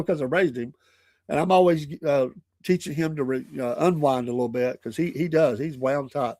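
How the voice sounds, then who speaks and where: A man's voice: on the high side, moderate pace, darkish tone, no echo, clean studio sound. An older man hosting a morning show, chatting in a folksy, chuckling, rambling way. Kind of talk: casual podcast chat.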